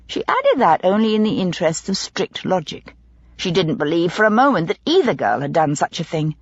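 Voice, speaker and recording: Brief: husky female narrator, measured storytelling, dull lo-fi dry sound. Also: lowish voice, very animated, no room sound. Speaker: audiobook narrator. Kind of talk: scripted narration.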